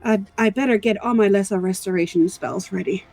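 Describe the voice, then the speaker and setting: High-voiced man playing a tabletop game. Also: creaky, faint music behind. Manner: halting, repeats words when excited. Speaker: player.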